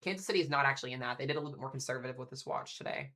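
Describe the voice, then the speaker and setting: A fast-talking man runs a live storm-coverage stream from home, his voice bright and forceful. He chats eagerly and speaks directly to the people watching. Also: medium pitch. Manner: chatty, excitable, talks straight to viewers. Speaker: severe weather live streamer. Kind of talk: casual live weather commentary.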